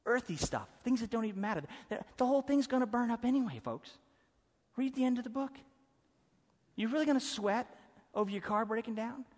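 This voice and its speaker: A man preaching a sermon as pastor, emphatic and swinging from loud to hushed. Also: very high-pitched, brisk. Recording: preaching in a hall with long reverb.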